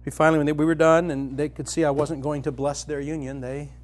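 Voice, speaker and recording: A middle-aged man preaching a sermon, telling a personal story and retelling a parable, rising to loud excitement in the vivid parts and dropping soft in the tender ones. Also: fast. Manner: storytelling, grows animated and loud when dramatizing, soft and low when tender.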